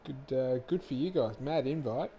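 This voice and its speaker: A man's voice: mid-range voice, normal speed, dull audio, a little hiss or hum. A man co-hosting a stream, joking and laughing often, mocking himself. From Australia. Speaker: stream co-host. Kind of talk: casual chat over racing commentary.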